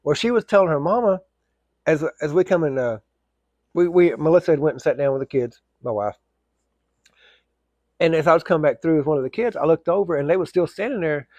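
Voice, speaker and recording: A man's voice: on the high side, animated, fairly quick, long pauses, darkish tone, no room sound. A man telling a casual, rambling story, full of fillers and restarts.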